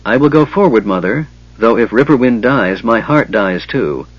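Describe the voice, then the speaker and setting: A man's voice: medium pitch, lively intonation, moderate pace, no echo, lightly acted. A man voicing a grieving, determined woman chieftain and priestess, speaking in an impassioned, pleading way, on a slightly dull recording. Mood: resigned.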